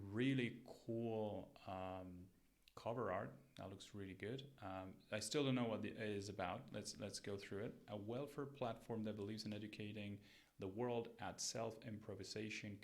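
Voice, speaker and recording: A man's voice: fairly low pitch, vocal fry. A man hosting a show where he reviews listeners' podcasts, giving friendly and direct coaching advice in a casual way.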